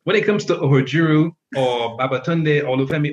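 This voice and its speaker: A man's voice: a little high, fast, few pauses. A man joining a review show as a panellist, making his points emphatically with many filler phrases, over a dull lo-fi remote line with faint noise. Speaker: regular panellist. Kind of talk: casual opinion chat.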